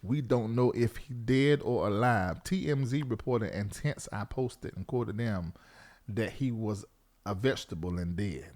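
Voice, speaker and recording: A man hosting a live talk show, preaching and scolding theatrically with sudden shouts. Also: lowish voice, moderate pace.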